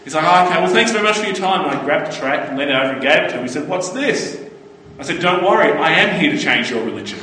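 A high-pitched man preaching with earnest, storytelling energy. His voice comes from well back in a big, echoey hall with long reverb. Faint room noise sits underneath. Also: animated, fast, sharp tone, distant mic. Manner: earnest, anecdotal, quotes others in brief voices. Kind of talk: sermon.

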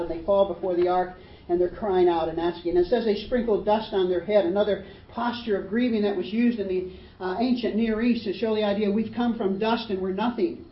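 A woman preaching a sermon with dramatic swings, acting out the voices of the people in the story and building to loud peaks. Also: mid-range voice, slight background noise. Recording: roomy, distant, muffled hall recording.

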